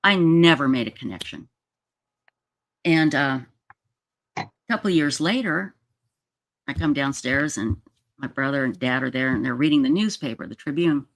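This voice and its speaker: A woman's voice: extremely low pitch, moderate pace, long pauses, no room sound, studio quality. A woman in her sixties from Utah, telling a long personal story on a livestream in a chatty, rambling way, full of restarts. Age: 60s. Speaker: livestream host. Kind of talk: casual storytelling. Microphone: streaming setup mic.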